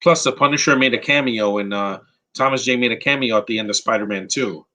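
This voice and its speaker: Opinionated man from New York, bright voice. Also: medium pitch, fast talker, low-quality recording. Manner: opinionated and rambling, with frequent restarts. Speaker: podcast host. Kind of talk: live movie commentary, answering chat questions.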